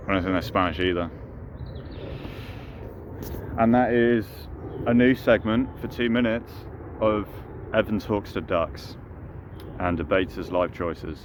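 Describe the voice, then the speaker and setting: A man with a very low voice chats casually through an outdoor vlog by a pond, rambling from joke to joke. Traffic and street noise sit clearly behind him in the recording. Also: measured pace, pauses often. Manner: rambling, jokey, talks to the ducks. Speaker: vlogger. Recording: noisy outdoor street sound.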